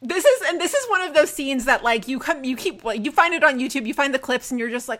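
A woman co-hosting a casual fan chat, gushing and animated, swearing casually. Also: high-pitched, quick pace, hardly any pauses. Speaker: podcast co-host.

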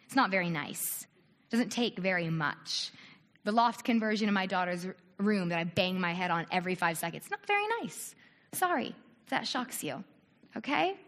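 A woman from the United States preaching a sermon, animated, asking rhetorical questions and acting out quoted voices. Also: on the low side, moderate pace. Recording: long reverb of a large hall.

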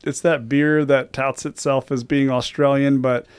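A man's voice: mid-range voice, flat delivery, unhurried, smooth. Rambling, chuckling male podcast host. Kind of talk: casual beer podcast chat.

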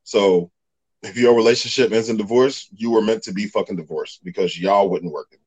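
A man's voice: on the low side, fairly quick, darkish tone, breathy edge, rough recording. A man in his thirties hosting a podcast, talking bluntly and casually with a lot of swearing. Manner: blunt, profane, joking. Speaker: podcast host.

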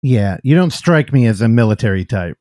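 A man's voice: mid-range voice, expressive, a little fast, dark tone, dry recording. A man co-hosting a podcast in easygoing, casual chat. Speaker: podcast co-host.

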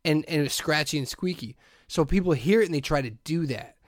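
A man's voice: on the high side, fairly quick, no room sound, clean studio sound. A man co-hosting a podcast, chatting casually in a joking, opinionated way. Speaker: podcast co-host. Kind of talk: casual chat.

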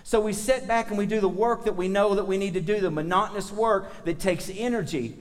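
A man's voice: high-pitched, fairly quick, long reverb tail. A man preaching a sermon as pastor, talking casually with the congregation and asking them for amens.

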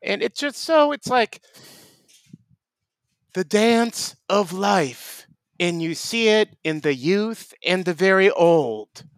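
A man voicing an excitable rambling man who gushes and keeps drifting off topic in an improvised comedy bit. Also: high-pitched, takes it slowly, no echo, heavily acted. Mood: gushing. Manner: breathless gushing, drifting from topic to topic. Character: excitable rambling man, gushing, easily sidetracked.

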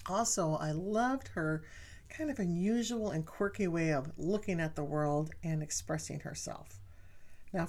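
A woman's voice: deep voice, vocal fry, a little mellow. A middle-aged woman sharing personal family stories in a chatty way, laughing often and speaking directly to listeners. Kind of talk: personal storytelling talk.

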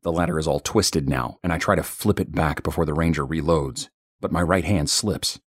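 A man narrating a first-person horror story in a tense, measured way. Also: very deep voice, breathy edge, no room sound, clean studio sound.

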